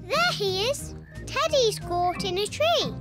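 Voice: very high-pitched, big pitch swings, takes it slowly, heavily acted. Peppa, a squealy cartoon girl pig. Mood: cheerful. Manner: squealy, giggly and singsong. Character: cheerful little girl pig, excitable and bossy. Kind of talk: cartoon voice acting. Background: music.

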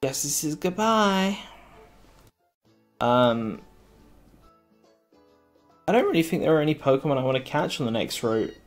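A man's voice: medium pitch, expressive, moderate pace, long pauses. A man casually commenting while he plays a game on stream, with sarcastic and crude joking asides. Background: faint game music.

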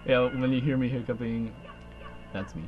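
A man's voice: medium pitch, steady tone, normal speed, dull audio, soft background music. A man playing a game on a let's play, chatting playfully and laughing often. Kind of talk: casual gaming chat.

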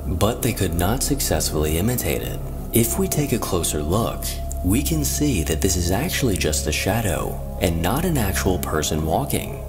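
A man reads scripted narration in a measured, informative way. His voice sits very low yet moves around a lot in pitch, and music plays clearly behind him.

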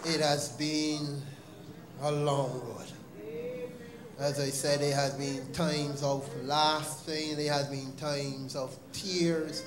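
A man with a Barbadian accent giving an earnest, animated personal testimony at a church service. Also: a little high, slow, noisy background. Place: church sanctuary. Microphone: live-streamed service mic.

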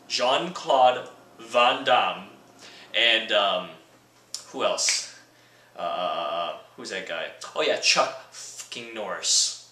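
A man rants sarcastically in a vlog, joking as he rambles. His voice is bright and sharp. It sounds roomy and echoey, picked up from some distance. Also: mid-range voice. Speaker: vlogger. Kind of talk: comedic rant vlog. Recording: roomy echo from a distant mic.

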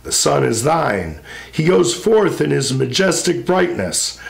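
A man's voice: on the high side, big pitch swings, unhurried, vocal fry, exaggerated voice. A man reciting the lines of a wistful young female spirit in a poetry recitation, lyrical and lamenting. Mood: wondering.

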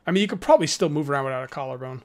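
A man's voice: fairly high pitch, rapid-fire. A man hosting a let's play, giving casual gameplay commentary and taunting enemies as he goes. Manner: excitable, jokey, taunts enemies.

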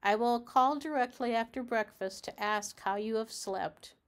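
A fretful little lady dog who frets politely and hides her worries behind good manners, voiced by a woman reading a storybook aloud. The pitch sits a little above the middle. It is a gentle animal storybook. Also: a little slow, lightly acted. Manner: fretful and genteel.

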